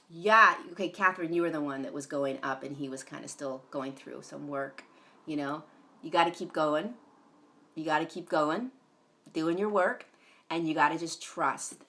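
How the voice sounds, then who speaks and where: Woman, low-ish voice, livestream host, chatty, casual cursing. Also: bright, forceful tone. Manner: chatty, rambling, many fillers, greets viewers by name; swears casually.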